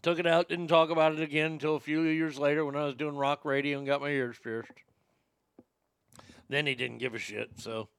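A talk show host from Texas tells a story in a blunt, laid-back way, with a gravelly, crisp voice set a little high for a man. His swearing keeps it casual, and the sound is dry and close. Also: little pitch movement, a little fast, a bit bright, dry recording.

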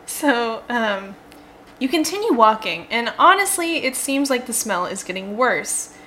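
Give me a giggly young woman with a crisp, bright voice narrating a silly adventure game. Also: a little high, a little hiss or hum. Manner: giggly, playful, laughs often. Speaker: host and story narrator. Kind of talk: narrating a choose-your-own-adventure game.

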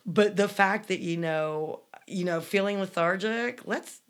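A woman's voice: medium pitch, unhurried. A middle-aged woman co-hosting a casual chat show, reading listener comments and telling blunt, swearing stories. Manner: blunt, storytelling, swears freely.

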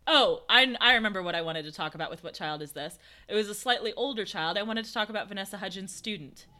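A woman's voice: mid-range voice, fast, bright, forceful tone. A young woman co-hosting a podcast in casual chat, giggly and playfully acting out quotes. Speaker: podcast co-host.

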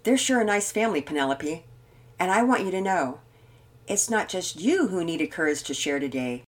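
A woman's voice: on the low side, animated, normal speed. An older woman voicing a kindly father who speaks reassuringly.

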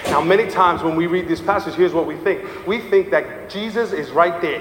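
A man's voice: sits high, a little fast, hardly any pauses, fairly bright tone, slight background noise. A man preaching a sermon in a church, passionately acting out the voices of the people he quotes. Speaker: pastor. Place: church sanctuary. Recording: echoey hall with faint ambience.

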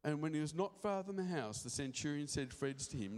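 A man preaching with a high voice that swings widely in pitch. He gets excited and rushes his words, and his voice rings out in a church hall with a long, trailing reverb. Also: a little hiss or hum. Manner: excitable, fast-talking preaching. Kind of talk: sermon.

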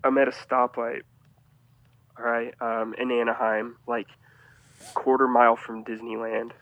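A man telling a rambling, animated story as a guest on a casual podcast, often restarting his sentences. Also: mid-range voice, a little slow, no room sound, low-quality recording.

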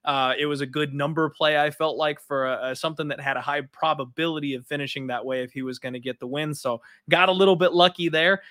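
A man's voice: fairly high pitch, fairly even intonation, fast talker, hardly any pauses, sharp tone, no room sound, clean studio sound. A man co-hosting a casual betting podcast, talking in an easygoing, conversational way. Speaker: podcast co-host, betting analyst.

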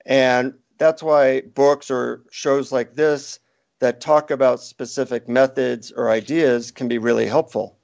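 A man's voice: mid-range voice, a little slow, creaky. A man guest on an interview show, chatting casually and telling anecdotes. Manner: storytelling, animated when quoting. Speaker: author guest. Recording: dull lo-fi sound.

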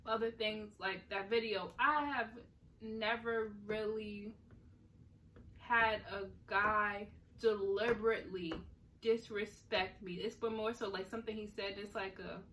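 A young woman from Central New Jersey co-hosting a podcast in casual chat, talking in an animated, emphatic way. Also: medium pitch, measured pace. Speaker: podcast co-host. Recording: distant mic with faint noise.

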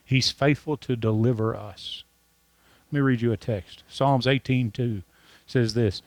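A man's voice: on the low side, fairly even intonation, no echo. Earnest man preaching a sermon, dry sound. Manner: earnest, repetitive preaching with slowed emphatic lines. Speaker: pastor.

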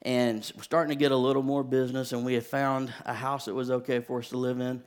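During a sermon, a pastor in his thirties shares a personal story, moving from hushed, quiet passages into rising, impassioned preaching. His voice is medium-pitched and clean in tone, with a level delivery and a quick pace.

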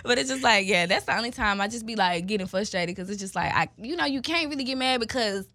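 A young woman and mother in casual chat, animated, laughing often and acting out what people said. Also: mid-range voice, quick pace, no echo. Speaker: podcast guest, mother.

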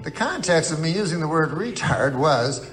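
A man telling a long, meandering joke in a dry, deadpan way. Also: on the high side, normal speed. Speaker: comedian. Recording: music playing underneath. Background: music.

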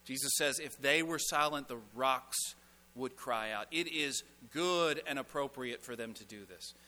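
A man preaching a sermon as a pastor, emphatic, asking rhetorical questions and dropping to a hush on key lines. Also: medium pitch, a little slow, long reverb tail. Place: church sanctuary.

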